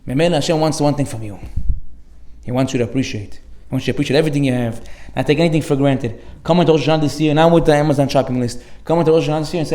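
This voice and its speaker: A man preaching as a rabbi in a lively storytelling style, bringing each character of his parables to life. His voice sits a little high, and he laughs often between lines. The sermon is caught in a room with a noticeable echo. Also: racing.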